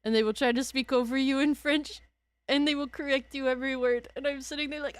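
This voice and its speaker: A young woman from Louisiana, USA, with a Cajun accent chats casually as a streamer, rambling, correcting herself and laughing often. Her voice is high and steady, and she talks a little fast.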